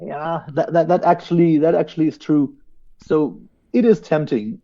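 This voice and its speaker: Man, band guest, enthusiastic, repeats words, slightly high mellow voice, dull remote line. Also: fairly even intonation, moderate pace. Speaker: band singer and guitarist, interview guest. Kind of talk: interview answers over a remote line.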